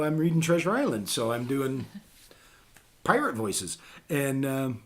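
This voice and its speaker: A man's voice: medium pitch, normal speed. A middle-aged man talking casually on a podcast, rambling with many ums and restarts.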